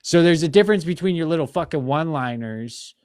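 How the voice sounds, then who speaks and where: A man's voice: a little high, animated, brisk, a little mellow, smooth, no echo. A man hosting a live stream panel, talking in a casual, profane and exasperated way. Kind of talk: casual ranting chat.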